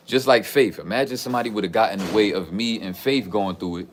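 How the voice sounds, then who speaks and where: Speaking fast with hardly any pauses and a fairly low pitch, this Bronx vlogger spins streetwise, preachy stories in a laid-back talking-head format. Slight background noise sits under his voice, and "you know what I'm saying" comes up constantly.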